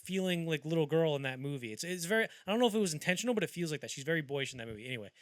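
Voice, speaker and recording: A man's voice: on the high side, expressive, rapid-fire, no room sound. A man hosting a podcast, chatting casually about film history and acting out anecdotes as he rambles along. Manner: rambling storyteller who acts out quotes. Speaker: podcast host.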